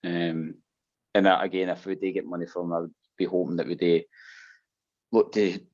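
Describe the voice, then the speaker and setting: A man's voice: deep voice, level tone, moderate pace, darkish tone. A Scottish man co-hosting a fan phone-in, rambling with lots of restarts and frequent "mate" and "aye". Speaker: co-host of a fan phone-in show. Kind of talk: casual chat. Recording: muffled lo-fi audio.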